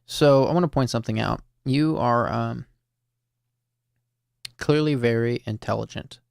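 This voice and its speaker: A man hosting a call-in listening show, talking slowly and thoughtfully to a caller with many fillers and restarts. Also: mid-range voice, vocal fry, a little mellow, clear, resonant tone, no room sound, studio quality. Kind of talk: reflective, gentle conversation with a caller.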